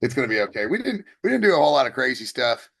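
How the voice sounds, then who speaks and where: A young man co-hosting a podcast tells stories in a rambling, casual chat full of fillers and restarts. His medium-pitched voice is sing-song, very fast, creaky, and fairly bright.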